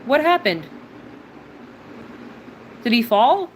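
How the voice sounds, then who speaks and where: A woman's voice: a little high, big pitch swings, drawn-out words, a little hiss or hum, poor audio. A woman hosting a livestream in casual chat, responding to viewer messages aloud in a playful manner and laughing often.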